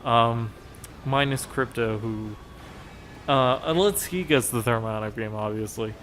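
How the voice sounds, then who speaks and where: A man at an everyday middle pitch talks through a raid fight in a game, step by step. He rambles, fills gaps with hesitations, and chuckles at his own mistakes. A faint hiss sits under his voice. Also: unhurried, a bit bright. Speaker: gameplay commentator. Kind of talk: explaining a raid strategy over gameplay footage.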